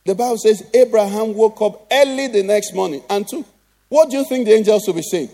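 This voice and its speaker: A man's voice: high voice, fairly quick, dark tone. A Nigerian man preaching a sermon as pastor, tossing rhetorical questions at the congregation.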